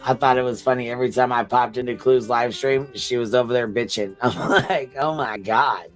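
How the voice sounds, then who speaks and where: A woman's voice: extremely low pitch, steady tone, fairly quick, faint music behind. A woman live streamer talking in a crude, taunting way.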